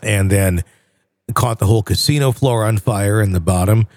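A man co-hosting a casual chat show, telling stories in an animated way and breaking into impressions and swearing. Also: on the low side, moderate pace, dry recording. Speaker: podcast co-host.

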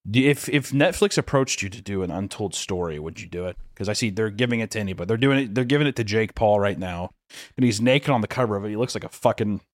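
A young man co-hosting a podcast in casual chat, animated and profane, often acting out voices. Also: on the low side, fast, dry recording, studio quality. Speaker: podcast co-host.

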